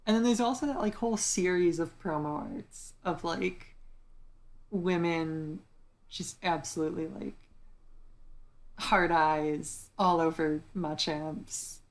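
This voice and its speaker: Young woman co-host, lowish voice, rambling casual talk full of restarts. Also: takes it slowly. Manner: rambling, many fillers and restarts. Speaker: podcast co-host. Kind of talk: casual chat.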